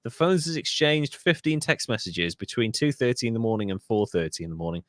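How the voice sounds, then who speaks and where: A man's voice: mid-range voice, lively intonation, fairly quick, a bit bright, no room sound. Welsh man telling a story, dry close sound. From Wales. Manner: reads a story aloud with asides and self-corrections. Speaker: podcast host. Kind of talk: casual storytelling podcast.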